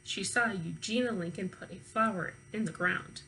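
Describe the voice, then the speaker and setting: A woman teacher reading a children's book aloud expressively, pausing to ask her young listeners questions. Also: medium pitch, bright, forceful tone, slight background noise, poor audio.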